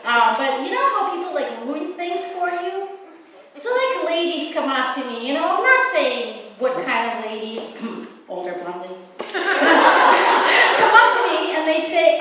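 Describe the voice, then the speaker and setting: A woman's voice: high voice, big pitch swings, unhurried, pushed and bright, slight background noise. A young woman doing a stand-up comedy set on stage, rambling and self-deprecating with lots of filler words. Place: stage in a large hall. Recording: echoey hall, from far off.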